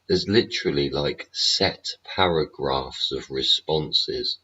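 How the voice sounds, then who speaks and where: Brief: British male stream host, extremely low husky voice, blunt sweary political rant, lo-fi dull audio. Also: slow, pushed and bright. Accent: British English. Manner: blunt, profane, rhetorical tags. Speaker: livestream host.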